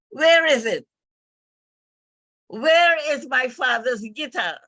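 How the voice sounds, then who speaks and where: An older woman tells a family story as a speech, speaking like a storyteller. Her voice is bright and forceful, and her delivery is emotional and halting. The recording is dry and close. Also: fairly low pitch, breathy edge, no echo. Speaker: speaker at a club meeting.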